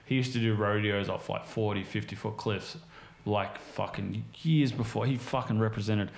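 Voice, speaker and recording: A man's voice: fairly low pitch, moderate pace, creaky. A man, a podcast guest, telling stories casually in a rambling way, swearing constantly and filling his speech with "like" and "right?". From Australia. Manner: rambling, heavily profane storytelling full of fillers. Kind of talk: casual chat, storytelling. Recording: roomy echo.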